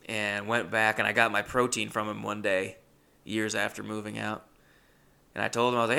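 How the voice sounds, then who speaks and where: Young male comedian, gravelly and bright, rambling self-deprecating storyteller. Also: fairly low pitch, level tone, normal speed. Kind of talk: comic storytelling.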